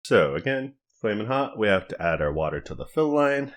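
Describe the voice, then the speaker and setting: A man's voice: fairly low pitch, moderate pace. A man casually reviewing snack food to camera, chatting and thinking aloud as he cooks and tastes. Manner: relaxed, chatty, thinks aloud while cooking and tasting.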